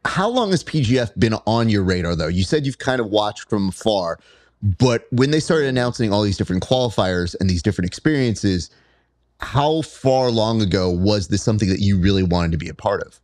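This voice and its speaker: A man's voice: on the low side, animated, a little fast, a little mellow, no echo, clean studio sound. A man hosting a casual interview, joking and telling stories as he asks questions. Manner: playful, joking storyteller. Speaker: podcast host.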